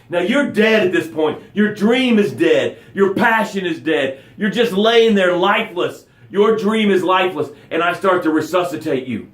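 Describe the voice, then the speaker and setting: A man hosting a daily motivational live broadcast as a coach. He preaches with high energy, whooping and shouting. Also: reverberant. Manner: energetic, preachy, with whoops and shouts, then drops to soft breathing cues. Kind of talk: motivational live-stream talk.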